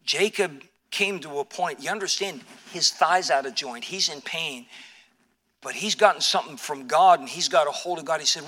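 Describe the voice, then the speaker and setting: Bright-voiced, high-pitched male pastor preaching. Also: moderate pace. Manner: storytelling, animated with repeated restarts. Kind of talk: sermon.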